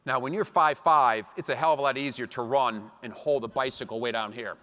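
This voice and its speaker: A man giving a seminar talk to a live audience, telling animated stories with acted quotes. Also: medium pitch, brisk. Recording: long hall reverb.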